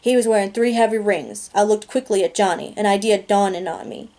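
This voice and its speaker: A woman reading a novel aloud, her narration steady, plain and unhurried. She keeps an even storybook tone and stumbles over the odd word now and then. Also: medium pitch. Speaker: reader.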